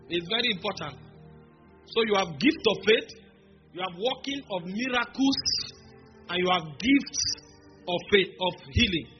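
A male preacher with a strikingly high voice delivers an emphatic sermon, drawing out key phrases for weight and slipping in wry asides. The recording is dull and lo-fi, with faint music underneath.

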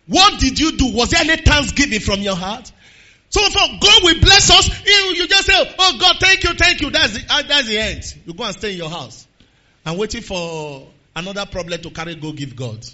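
Nigerian pastor preaching loud then quiet, high swooping voice, bright husky tone, kinda dull lo-fi audio. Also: male voice. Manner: swings between quiet talk and shouted prayer. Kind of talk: sermon with prayer. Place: church service.

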